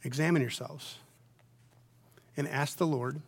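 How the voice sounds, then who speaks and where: A middle-aged male pastor delivering a sermon in a slightly higher-than-average voice. He drops to hushed, close tones for the serious points and then climbs to loud, emphatic peaks, so his delivery keeps rising and falling. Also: fairly even intonation, a little slow, vocal fry, husky. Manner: dynamic, swings from near-whispers to loud emphatic peaks.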